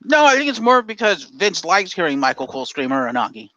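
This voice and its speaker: A man chats on a casual podcast, firing off quick, opinionated asides. He talks fast, and his slightly high voice swings up and down. The recording is dull, dry and lo-fi. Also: very animated, pushed and bright, no room sound. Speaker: podcast co-host. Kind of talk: casual chat.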